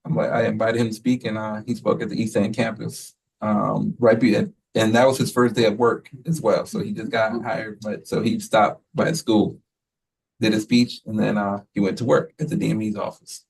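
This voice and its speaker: Gravelly man giving a rambling meeting report. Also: on the low side, normal speed, recorded from a distance, rough recording. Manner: relaxed, rambling, many fillers and quoted asides. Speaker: school head giving a report to the board. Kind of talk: casual spoken report at a meeting.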